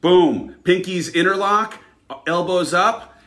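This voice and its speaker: A man's voice: high-pitched, takes it slowly, roomy sound. A man co-hosting a casual live stream, playful and joking, telling little stories with lots of energy. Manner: playful, joking, animated storytelling. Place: home in Texas.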